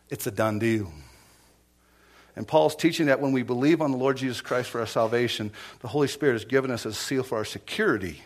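A middle-aged male pastor delivering a sermon at a mid-range pitch. He tells his stories with repeated words and quick restarts. His delivery swings from soft, near-whispered asides to loud, fervent preaching. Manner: storytelling with repetitions and restarts.

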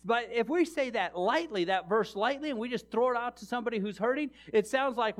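Middle-aged pastor guy, high voice, preaching, goes quiet then loud, talks right at the congregation. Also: very animated, a little fast, few pauses. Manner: storytelling, swings from hushed to loud and emphatic; preaches with direct address to the congregation. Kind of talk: sermon.

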